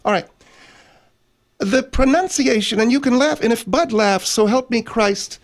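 A man's voice: very high-pitched, a little slow, voice pushed up. A man voicing a cranky, foul-mouthed old woman who sounds prim but swears. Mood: testy. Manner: prim but profane, testy.

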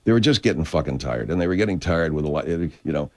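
A man's voice: extremely low pitch, expressive, fast talker. A man hosting a show, chatting casually in a profane, digressive way with many restarts. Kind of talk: casual rambling chat. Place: California.

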